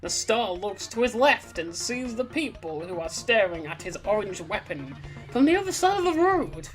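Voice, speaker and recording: A woman reads aloud a story she wrote herself, in a casual and chatty way, and keeps breaking off into side comments. Her pitch is lively and moves up and down a lot. Faint music plays behind her. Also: moderate pace. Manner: rambling, chatty, self-interrupting. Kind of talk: casual reading of her own story with asides.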